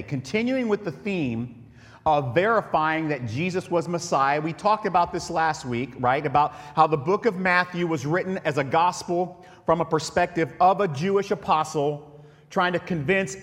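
A man's voice: a little high, moderate pace, in a large hall. A man preaching a sermon as pastor, joking and conversational with his congregation.

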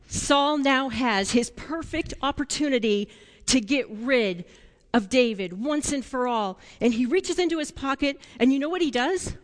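A woman tells a Bible story during a children's sermon, playful and animated, pausing to ask the kids questions. She has a high voice and speaks a little slowly, and the sound carries the echo of a big room.

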